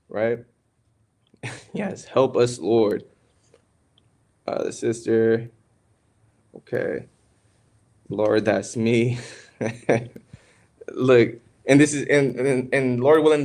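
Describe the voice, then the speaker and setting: Man teaching marriage in casual talk. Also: mid-range voice. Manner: conversational, preachy, calls listeners "man" and "bro". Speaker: podcast co-host.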